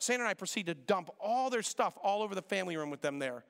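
A middle-aged man preaching, telling a story in a quick, conversational way and acting out the dialogue. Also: sits high, lively intonation, vocal fry, a bit bright, clean tone. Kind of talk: sermon storytelling. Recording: reverberant hall.

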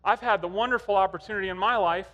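High-voiced man preaching in a reverberant hall. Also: quick pace, bright, forceful tone, highs cut off. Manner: conversational storytelling. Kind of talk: sermon.

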